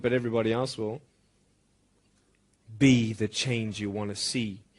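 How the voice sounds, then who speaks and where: This man's husky, medium-pitched voice carries an impassioned motivational talk for school students. He shifts from quiet, personal moments to loud, forceful declarations.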